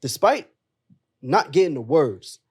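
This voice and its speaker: A young man speaking as a podcast guest, sharing a personal story with open, earnest emotion. His voice sits a little higher than most men's, and he keeps dropping a casual "bro" among friends. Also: sing-song, slow, a little mellow, husky. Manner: emotional and earnest, calls the listener bro often.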